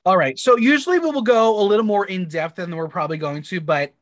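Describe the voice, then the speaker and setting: A woman's voice: mid-range voice, fast talker, no room sound, studio quality. A woman from the United States co-hosting a podcast, recapping a TV episode in blunt, crude, playful chat with exaggerated reactions. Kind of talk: casual chat.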